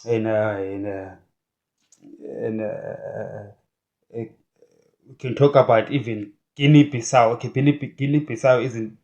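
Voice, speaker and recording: Male political commentator, unhurried, halting, fired-up opinions. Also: mid-range voice, steady tone, darkish tone. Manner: halting, many filler sounds; indignant, rhetorical questions.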